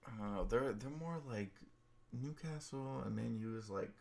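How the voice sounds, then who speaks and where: A man's voice: medium pitch, normal speed, gravelly, darkish tone. A man hosting a casual livestream, speaking in an offhand way and thinking aloud with many fillers. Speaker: stream host trading stocks.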